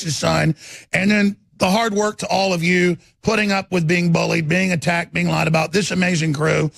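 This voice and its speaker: A gravelly, husky-voiced male talk host rants in a heated, rambling monologue and stumbles over repeated words. His voice sits a little high for a man and sounds dry and close to the mic. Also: fairly bright tone, no echo. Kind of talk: impassioned political talk show monologue.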